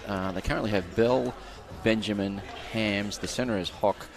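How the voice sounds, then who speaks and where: A man's voice: lowish voice, creaky, music in the background. A man calling a live netball game as play-by-play commentator, chatty and jokey. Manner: chatty, jokey, quick to laugh. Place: outdoor netball court. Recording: noisy court ambience behind.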